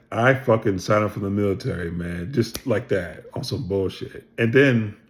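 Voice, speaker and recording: A middle-aged man telling his own story in a casual, animated way, acting out other people's lines and swearing freely. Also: fairly low pitch, a little slow. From Pennsylvania.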